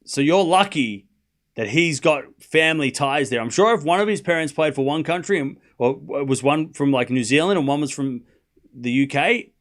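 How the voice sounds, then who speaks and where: A man's voice: a little high, moderate pace. An Australian man hosting a live tennis stream, ranting casually and mockingly to his viewers. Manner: animated, mocking, talks straight to chat. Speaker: livestream tennis host.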